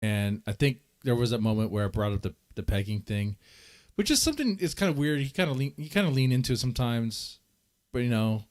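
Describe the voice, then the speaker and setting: A man's voice: medium pitch, sing-song, fairly quick, darkish tone. A man hosting a livestream in casual chat, rambling and teasing his guests with a mocking edge. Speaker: livestream host.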